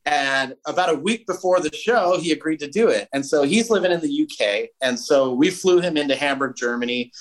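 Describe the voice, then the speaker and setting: A man, a musician guest, telling a story in a casual interview, animated and swearing freely. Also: a little high, fairly quick, few pauses, poor audio. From United States.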